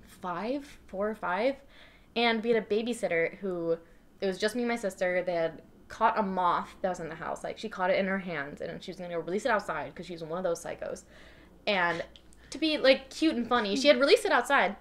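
A woman's voice: mid-range voice, fairly quick. Playfully dramatic young woman podcaster. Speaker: podcast co-host. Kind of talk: casual chat.

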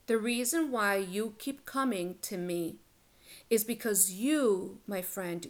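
A woman hosting a solo relationship podcast, talking in a blunt, casual, profane and emphatic way. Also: mid-range voice. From Latin American heritage. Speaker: podcast host, relationship coach.

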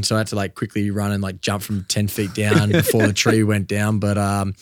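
Laid-back low-voiced man telling stories. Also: completely flat delivery, a little fast, dry recording, clean studio sound. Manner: laid-back storyteller who swears freely. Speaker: podcast guest. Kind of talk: casual chat.

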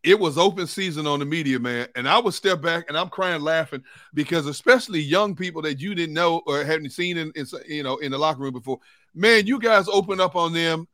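A man's voice: on the high side, fairly quick, bright, forceful tone, no echo, studio quality. A man hosting a sports talk show, telling locker-room stories and laughing through them. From United States. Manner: storytelling, laughing through anecdotes.

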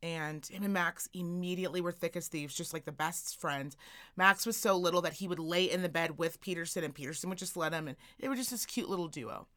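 Brisk and fairly low-pitched, a woman co-hosting a podcast launches into a long story in casual talk. She animatedly imitates the people involved.

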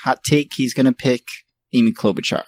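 A man hosting a casual podcast, reading news with an easygoing, hedging manner and quick laughs. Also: mid-range voice, steady tone, dry recording, poor audio. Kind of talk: casual chat.

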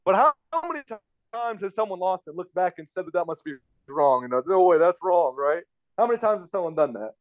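A man's voice: high voice, very animated, quick pace, dry recording, phone-quality sound. A man telling a personal story in casual chat, rambling and repeating himself with lots of fillers. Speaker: podcast guest telling a story.

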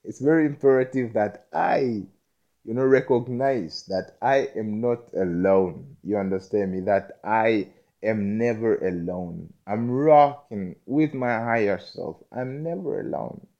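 A man's voice: lowish voice, a little slow, dark tone, muffled recording. Rambling man preaching self-affirmation. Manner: rambling, repeats words and restarts often, swears casually; self-affirming, preachy, often asks "you understand me?". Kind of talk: casual spiritual monologue.

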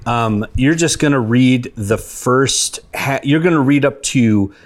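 A man's voice: medium pitch, measured pace. A man hosting a comedy podcast, running a reading game in an upbeat, casual way. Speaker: podcast host.

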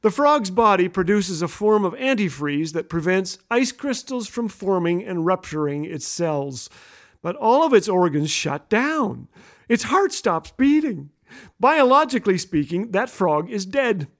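High-pitched and unhurried, with big swings in pitch, this middle-aged man hosts a humorous radio talk. He tells stories playfully and chuckles at his own jokes.

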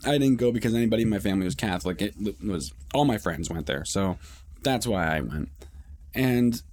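A man's voice: lowish voice, animated, fairly quick, a little mellow, a little hiss or hum. A man hosting a podcast, telling a rambling, profane story in casual monologue with many restarts. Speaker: podcast host.

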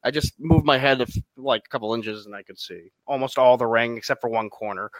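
A man co-hosting a podcast in casual chat, animated and quick to interject. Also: mid-range voice, no echo. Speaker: podcast co-host.

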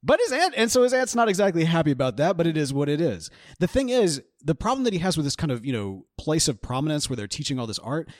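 A man hosting a podcast, telling a history story casually, jokey and animated, acting out quoted voices. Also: on the high side, fast, hardly any pauses, dry recording, studio quality. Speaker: podcast host.

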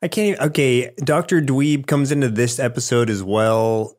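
A man co-hosting a podcast, talking casually with a wry, quick manner. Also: mid-range voice, darkish tone. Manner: wry, quick, reading a synopsis aloud. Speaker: podcast co-host. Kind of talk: casual chat.

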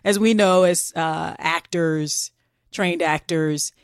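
A woman co-hosting a podcast in animated casual chat, laughing often and digressing freely. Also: on the low side, takes it slowly, smooth, no echo, studio quality. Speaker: podcast co-host.

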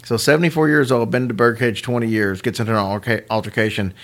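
A man hosting a podcast, telling a story in casual chat with lively asides and chuckles. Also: medium pitch. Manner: animated, quick asides and chuckles. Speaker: podcast host.

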